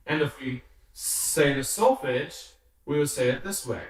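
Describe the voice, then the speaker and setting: A man teaching basic music, speaking slowly and patiently in a fairly high voice. He is picked up from a little way off in a very echoey room, and the reverb rings behind every word. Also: expressive. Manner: patient, counts rhythms and sings solfege aloud. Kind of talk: slow instructional explanation. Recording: very echoey room, somewhat distant mic.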